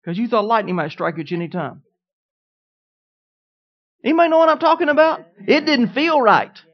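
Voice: medium pitch, expressive, normal speed. A preacher delivering a sermon, who repeats declarations with building emphasis and asks the congregation questions. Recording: dull, lo-fi sound.

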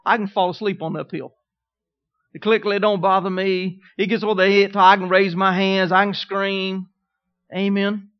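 A man's voice: high-pitched, little pitch movement, normal speed. A middle-aged man preaching a sermon, telling stories and calling for amens from the congregation. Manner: storytelling preacher, calls out "Amen?" to the congregation. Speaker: pastor. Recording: dull lo-fi sermon recording.

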